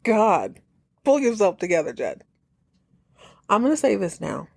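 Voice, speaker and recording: A woman hosting a podcast, reacting to a TV episode in casual, exasperated commentary, cursing freely and slipping into quick mocking impressions. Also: medium pitch, creaky, dry recording, studio quality. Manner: animated, exasperated, swears freely, mocks characters in quick impressions. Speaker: podcast host reacting to a TV show.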